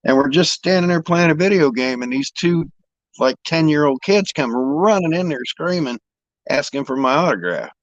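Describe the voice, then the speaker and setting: A man's voice: on the high side, animated, normal speed, dry recording, highs cut off. A man from the American Midwest, casually chatting and telling long rambling anecdotes with some swearing. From Indianapolis, United States. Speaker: storyteller in a chat. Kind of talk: casual chat.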